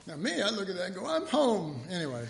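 A man preaching a sermon in a chatty, joking way, telling stories and doing quick voices of people in them. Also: high voice, sing-song, creaky, crowd noise. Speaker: pastor.

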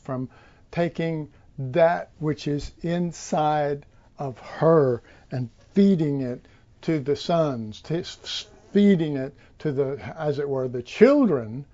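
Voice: medium pitch, mellow, highs cut off. A preacher giving an informal Bible teaching, rambling with many fillers and restarts.

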